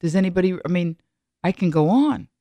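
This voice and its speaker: A woman's voice: fairly low pitch, lively intonation, fairly quick, dark tone, no room sound. A middle-aged woman giving a reflective solo monologue, rambling with frequent restarts and asides.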